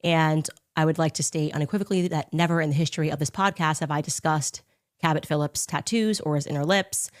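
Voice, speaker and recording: A woman in her thirties hosting a podcast, telling a story in a sarcastic, animated way. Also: low-pitched, fairly quick. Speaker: podcast host. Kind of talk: storytelling monologue.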